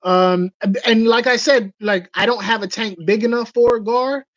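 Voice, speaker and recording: A woman hosting a casual livestream chat, telling stories with animated delivery and acting out the voices of people she quotes. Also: a little high, moderate pace, no echo, dull audio. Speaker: livestream host.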